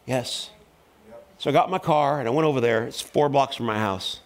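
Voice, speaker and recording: A middle-aged man preaching a sermon in a church, telling stories and building up to loud, fervent exhortation. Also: mid-range voice, fast. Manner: storytelling, voice rising to loud preaching. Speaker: pastor.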